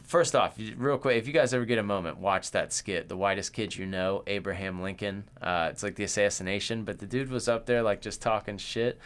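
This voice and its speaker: A man's voice: on the low side, a little fast, hardly any pauses, clean tone. A man co-hosting a podcast, chatting casually in a loose, profane, joking way. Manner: loose, profane, joking, puts on voices in retellings. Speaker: podcast co-host. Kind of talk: casual chat.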